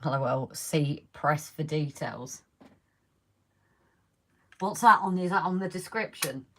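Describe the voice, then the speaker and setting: A woman's voice: low voice, slow pace. A woman hosting a casual live stream as she works on a model railway, chatting and reading viewer comments aloud. She is losing her voice. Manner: chatty, talks while working, reads out viewer comments. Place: indoors at a model railway layout.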